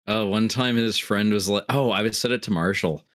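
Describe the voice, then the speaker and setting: A man's voice: on the low side, moderate pace, fairly bright tone, dry recording, clean studio sound. A man chatting casually on a stream, telling crude stories and joking with his friend. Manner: crude, storytelling, laughing. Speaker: co-host friend.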